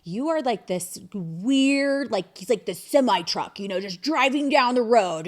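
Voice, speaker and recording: A woman's voice: a little high, animated, normal speed, hardly any pauses. A middle-aged woman hosting a podcast, chatting casually, laughing often and poking fun at herself. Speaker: podcast host.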